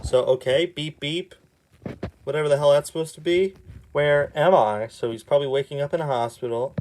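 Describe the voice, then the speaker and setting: A young man with a slightly raised pitch talks through his old childhood comics in a loose, casual way. He is sarcastic and exasperated, tossing off quick wry asides, with a faint hiss in the background. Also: a little mellow. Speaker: YouTube artist.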